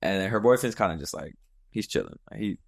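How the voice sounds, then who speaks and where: A young man hosting a podcast, telling a story in casual chat, animated and swearing, acting out what people said. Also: lowish voice, fast talker. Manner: animated, swearing, acts out quotes. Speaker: podcast host.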